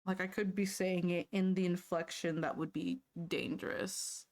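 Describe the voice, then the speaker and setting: A woman livestreaming from home, chatting casually and playfully with her viewers, easily sidetracked and quick to laugh. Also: on the low side, level tone, darkish tone. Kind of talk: casual chat with live viewers.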